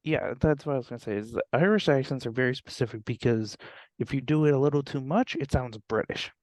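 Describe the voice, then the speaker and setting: A man's voice: mid-range voice, fast talker, darkish tone, dry recording, studio quality. A man hosting a podcast in casual chat, teasing his co-host and laughing often.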